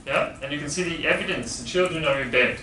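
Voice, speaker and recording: A man with a slightly raised voice teaches grammar to a class, patiently explaining and putting questions to the room. He is recorded from across an echoey classroom with steady noise behind him. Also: a little high, fast talker. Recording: echoey classroom, far from mic, background noise.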